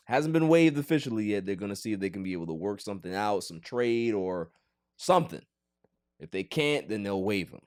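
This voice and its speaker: A man hosting a casual sports podcast, joking and theatrically pleading in an animated way. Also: fairly low pitch, fairly quick, dry recording, studio quality. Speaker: podcast host.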